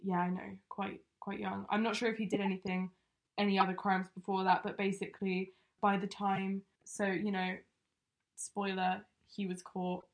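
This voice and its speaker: A woman's voice: mid-range voice, flat delivery, moderate pace, slight background noise. Chatty woman hosting a true-crime podcast. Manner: chatty, many fillers like um and you know. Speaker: podcast co-host presenting the case.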